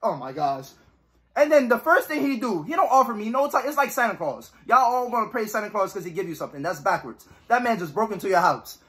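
A man's voice: high voice, sing-song, fast, a bit bright. A young man giving joking, swearing horror game commentary, reading the game text aloud. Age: young adult. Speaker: gaming YouTuber.

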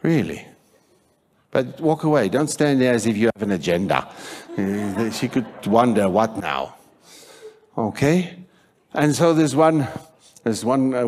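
A South African man preaching a sermon in church, telling stories with animated acted-out voices and shouting for emphasis. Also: on the low side. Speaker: pastor.

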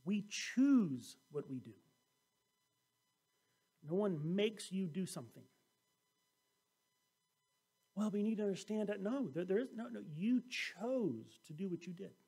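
A man preaching a sermon as pastor, telling scripture stories in a lively way and acting out the voices of the people in them. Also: sits high, unhurried, breathy edge. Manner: animated storytelling, acting out quoted voices.

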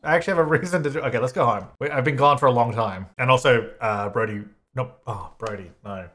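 A man's voice: medium pitch, fast talker, fairly bright tone. A man hosting a casual let's-play, chatting to the game's characters and exclaiming at glitches as he goes. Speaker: gaming channel host.

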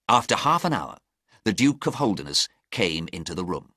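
Brief: male storybook narrator, bright tone, very lively pitch, dry close sound. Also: moderate pace, breathy edge, dry recording. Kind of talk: slow storybook narration for English learners.

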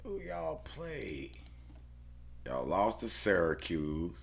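A man's voice: low voice, wildly swooping pitch, slow pace, vocal fry. A man thinking aloud about his football bets in casual slang, often muttering to himself. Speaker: sports bettor.

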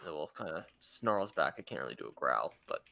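A man's voice: rumbling low, very animated, brisk, gravelly, sharp tone. A man running a tabletop game as game master, narrating casually with lots of fillers.

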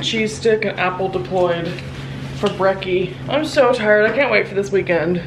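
A woman's voice: medium pitch, moderate pace, background noise. A young woman from the American South talking casually and candidly in a book vlog, with lots of filler words. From Southern United States. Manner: chatty and candid, filler-heavy. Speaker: book vlogger.

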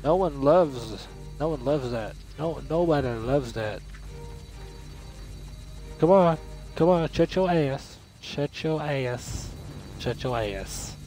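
A young man giving casual commentary while playing a video game, excitable and cursing, often shouting at the game. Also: medium pitch, slow, long pauses, soft background music. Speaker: gamer.

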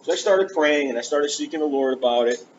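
A man's voice: a little high, quick pace. A man preaching in church, earnestly telling his own story and acting out conversations along the way. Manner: earnest, animated, acts out conversations. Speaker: preacher giving his testimony. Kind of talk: storytelling sermon. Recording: dull lo-fi church recording with faint hiss.

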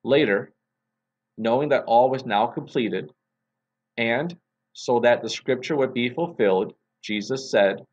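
A man, a pastor, reading scripture aloud and opening a devotion in a measured, deliberate way. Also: medium pitch, a little mellow, dull audio.

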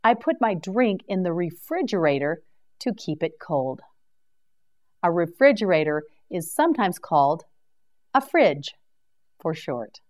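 A woman teaching English vocabulary in a slow scripted drill, carefully articulating each word and repeating it for practice. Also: on the low side, very animated, darkish tone.

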